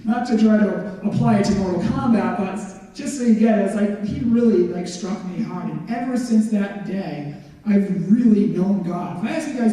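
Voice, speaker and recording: A young man tells his religious testimony in a loose, chatty way. His voice sits high but sounds deeply mellow and dark. He is heard from far off in a big hall with a long, roomy reverb. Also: animated, normal speed. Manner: casual and chatty, full of "like" and "legit". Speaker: guest speaker.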